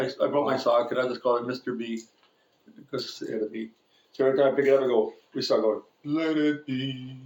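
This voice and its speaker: Guy preaching, mid pitch, telling jokey hospital stories, kinda echoey room. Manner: joking, chuckles at his own stories. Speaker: pastor. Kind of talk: sermon with personal anecdotes. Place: church sanctuary.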